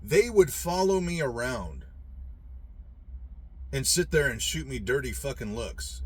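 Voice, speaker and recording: A man's voice: medium pitch, lively intonation, measured pace, pauses often, a little hiss or hum. A man ranting in a profane, rambling monologue about his service days.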